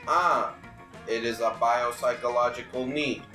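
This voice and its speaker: A man doing a slow, literal-minded computer. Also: mid-range voice, steady tone, pushed and bright, echoey room, faint music behind. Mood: puzzled. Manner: slow, formal, overly literal. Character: curious computer, pedantic and literal.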